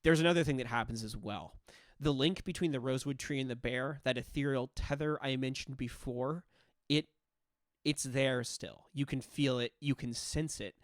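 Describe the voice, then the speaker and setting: A man narrates a tabletop role-playing game as game master, describing each scene at length and pausing on filler sounds. His voice is medium-pitched. The sound is dry and close, with no room echo.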